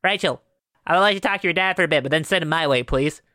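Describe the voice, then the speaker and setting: A man voicing a cheerful, courteous young man who calls out loudly in an improvised tabletop role-play. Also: on the high side, fast talker, no echo, studio quality, voice pushed up. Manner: loud, jovial, courteous.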